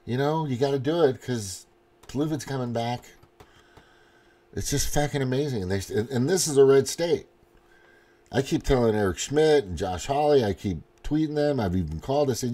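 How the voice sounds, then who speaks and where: A man's voice: mid-range voice, normal speed, long pauses, mellow. A man from the ranting casually on his livestream, swearing often and rambling in disbelief. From Missouri, US. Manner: profane, rambling, incredulous. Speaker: livestream host. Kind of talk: casual political rant.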